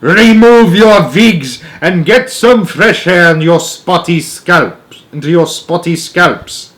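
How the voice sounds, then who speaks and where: A man's voice: high-pitched, extremely slow, pushed and bright, pitched above the performer's own voice, heavily acted. A man voicing a commanding female witch leader with a harsh, grating voice and a put-on German accent. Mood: barking orders.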